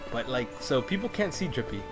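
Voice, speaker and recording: A man chats casually as he plays, thinking out loud and wandering between thoughts. His voice sits at an ordinary pitch. Loud game music plays behind him the whole time. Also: very animated, fairly quick. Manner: rambling, musing aloud. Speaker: gameplay commentator. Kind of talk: casual gameplay commentary.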